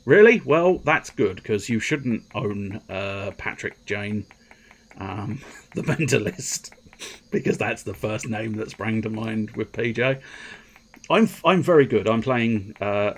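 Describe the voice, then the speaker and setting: A man's voice: fairly low pitch, slow, slightly rough. A man chatting casually on a game livestream, rambling and self-mocking, laughing often. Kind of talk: casual game-stream chat.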